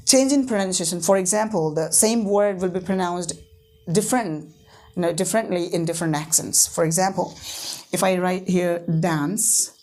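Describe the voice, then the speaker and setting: A woman's voice: medium pitch, darkish tone. A woman teaching a language lesson, repeating words and often checking in with "right?". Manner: repetitive, checks understanding with "right?". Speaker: English teacher.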